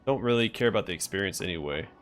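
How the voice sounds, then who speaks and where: A man with a low voice talks through a role-playing game on stream, musing aloud and pausing with fillers as he decides. His pitch swings widely, lively rather than flat, with soft music underneath. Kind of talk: casual gameplay commentary.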